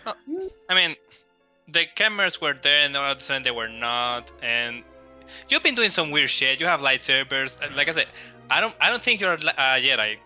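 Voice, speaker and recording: A man's voice: mid-range voice, very animated, brisk, bright, forceful tone, soft background music. A man playing in a tabletop game, teasing another player in casual banter. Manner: teasing, in-character ribbing.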